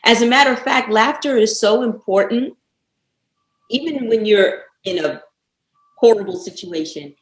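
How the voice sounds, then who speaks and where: A woman guest on a casual podcast interview, telling stories lively and laughing often. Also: a little high, normal speed, echoey room, poor audio.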